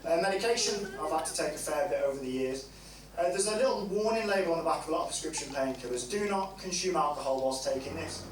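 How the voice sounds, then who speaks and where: A man's voice: fairly high pitch, animated, fast, distant mic. A man doing a stand-up comedy set on a club stage, crude and matter-of-fact, chatting with the crowd through a handheld mic. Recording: roomy club sound from the audience side with loud crowd noise.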